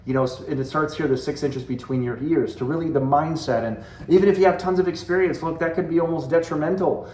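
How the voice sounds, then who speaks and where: A man in his forties delivers a motivational talk to his sales team, earnest and conversational, driving points home by repeating them. His voice sits a little on the high side. The sound carries a noticeable roomy echo. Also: fast, hardly any pauses, darkish tone, a little hiss or hum. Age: 40s. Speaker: direct sales team leader and coach.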